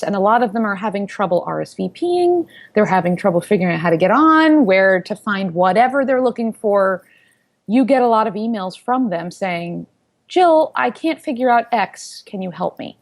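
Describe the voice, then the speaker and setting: A woman in her thirties, a founder telling her story in an interview, animated and quick to act out what people said. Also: mid-range voice. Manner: animated storyteller who acts out quoted voices.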